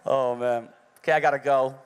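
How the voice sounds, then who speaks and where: Medium-pitched, with a bit of hiss or hum on the track, a man in his thirties works a club stage. His stand-up is brash, profane, and punchy, and the room's hall reverb is audible.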